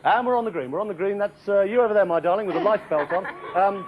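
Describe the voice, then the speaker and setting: An actor playing a flustered, chummy British quiz show host who calls contestants "my darling" and keeps apologising. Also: male voice, sits high, fast, natural voice. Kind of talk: sketch comedy parody. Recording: lo-fi old TV tape with loud studio audience and noise. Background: loud studio audience.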